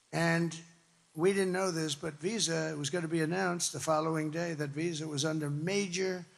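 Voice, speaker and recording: A man's voice: sits high, creaky, sharp tone. An older man from the New York area giving a campaign rally speech to a crowd in a large hall. He talks in a rambling, conversational way, repeating himself for emphasis. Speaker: political speaker. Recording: long reverb of a big hall.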